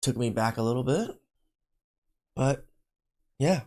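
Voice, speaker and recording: A man's voice: medium pitch, lively intonation, slow, warm tone. A man hosting a podcast, reacting casually to video clips.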